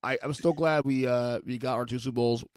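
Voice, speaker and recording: A man's voice: mid-range voice, steady tone, brisk, darkish tone, clear, resonant tone, no echo, clean studio sound. Laid-back man hosting a podcast. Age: adult with kids. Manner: laid-back, calls people bro and buddy. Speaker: podcast host. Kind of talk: casual podcast chat.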